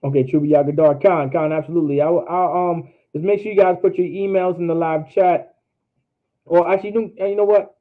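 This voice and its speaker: A man's voice: on the high side, steady tone, fairly quick. A man teaching an online alphabet class in a casual way, repeating and drilling each letter sound aloud. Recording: tinny phone-like line.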